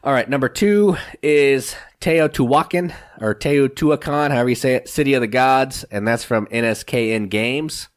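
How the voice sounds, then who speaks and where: A man's voice: medium pitch, normal speed, hardly any pauses. A man co-hosting a board game podcast in casual chat, upbeat and enthusiastic, laughing often. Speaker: podcast co-host.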